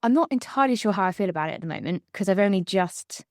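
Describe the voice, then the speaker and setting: A woman hosting a podcast in a candid conversation, open and chatty, laughing easily with quick asides. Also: mid-range voice, expressive, darkish tone, no echo, studio quality. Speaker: podcast host.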